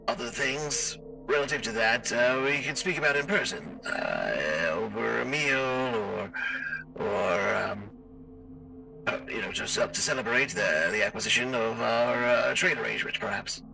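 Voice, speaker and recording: A man voicing a polite, formal male alien trader through a robot voice changer, halting and hesitant. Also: medium pitch, expressive, creaky, recorded from a distance, music in the background, rough recording. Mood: courteous.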